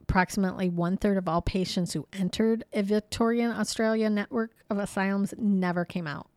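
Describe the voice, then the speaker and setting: A woman co-hosting a podcast, casually telling ghost stories in a chatty, animated way with frequent fillers. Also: mid-range voice, brisk, no echo. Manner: chatty, lots of "you know" and "um"; animated, laughs easily. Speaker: podcast co-host. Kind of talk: casual storytelling about hauntings.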